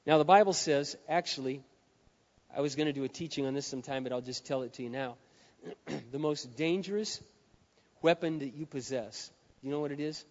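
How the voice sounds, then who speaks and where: A male pastor delivering a sermon to a live audience in a large hall. He drops to hushed lines, then builds to shouts. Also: a little high, a little fast. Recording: dull, reverberant hall sound.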